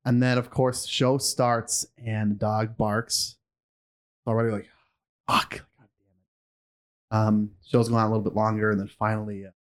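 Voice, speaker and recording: A man casually telling a story, acting out the quoted voices and laughing often. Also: lowish voice.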